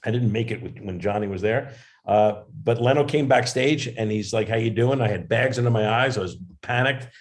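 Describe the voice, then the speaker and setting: A man's voice: fairly low pitch, moderate pace. A man, a comedian and actor, telling rambling self-deprecating stories as a guest over a video call. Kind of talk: casual interview storytelling.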